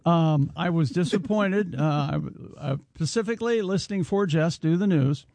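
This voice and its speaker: A man's voice: fairly high pitch, moderate pace, darkish tone, dry recording. A man co-hosting a radio show, cracking jokes in playful banter. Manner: joking, playful. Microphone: studio microphone.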